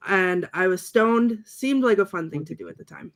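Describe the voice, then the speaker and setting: Casting note: woman co-host, reads quotes aloud in a light, laughing way, mid-pitched. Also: expressive, normal speed, hardly any pauses, a bit bright. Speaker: podcast co-host. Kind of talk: reading movie quotes aloud, casual chat.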